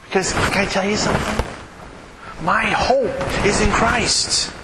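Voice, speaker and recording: A middle-aged male pastor preaching a sermon, asking the congregation rhetorical questions and moving between hushed and raised delivery. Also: sits high, fairly even intonation, unhurried. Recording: echoey hall with background noise.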